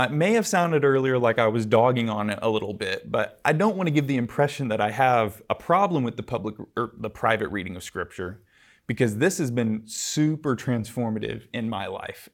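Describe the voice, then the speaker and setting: A man's voice: on the low side, fairly quick. A man giving a conversational church lecture, earnest and casual, with asides and fillers. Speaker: church teacher.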